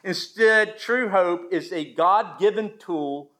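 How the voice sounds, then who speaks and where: A man's voice: sits high, slow pace, pushed and bright, reverberant, rough recording. A man preaching a sermon, telling folksy stories with jokes. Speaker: pastor.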